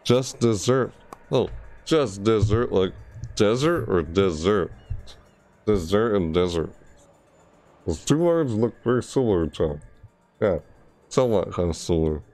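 A man's voice: on the low side, animated, moderate pace, mellow, faint music behind. A tired man streaming a video game, mumbling and rambling to himself in casual commentary. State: tired, yawning.

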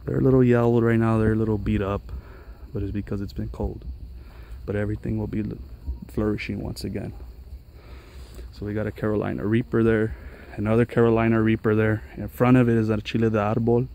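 Excited man touring his outdoor garden. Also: lowish voice, a little fast, gravelly, slight background noise. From Los Angeles area. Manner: enthusiastic, chatty, addresses viewers as guys. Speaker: gardening vlogger. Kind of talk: casual garden walkthrough vlog. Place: outdoors on a mountain trail garden.

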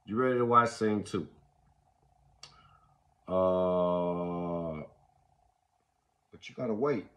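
A man's voice: sits low, very slow, long pauses. A young adult man hosting a casual podcast while caring for his baby, talking in slang and playfully scolding the baby. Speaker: podcast host.

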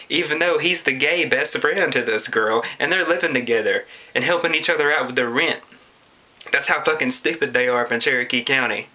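A man's voice: medium pitch, a little fast, bright, forceful tone. A young man, telling a story in a sarcastic, profane vlog rant. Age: young adult. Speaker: vlogger.

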